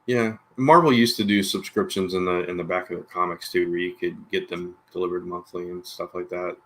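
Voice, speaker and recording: A man's voice: low voice, steady tone, fairly quick, fairly bright tone, a little hiss or hum. A man co-hosting a casual livestream podcast, rambling and hesitant with lots of filler. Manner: rambling, hesitant, full of "you know". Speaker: comic book podcast co-host.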